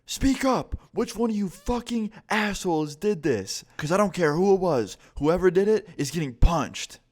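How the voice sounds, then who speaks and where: A man's voice: high voice, lively intonation, normal speed, darkish tone, pitched above the performer's own voice. A young man voicing an enraged middle-aged father who screams and curses at a group of teenagers. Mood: furious. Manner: screaming, cursing, threatening.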